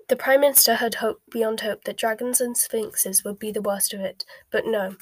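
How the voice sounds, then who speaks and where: A woman reading a storybook aloud as narrator, mostly in a soft, unvoiced whisper. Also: a little high, fairly even intonation, moderate pace, few pauses, no room sound.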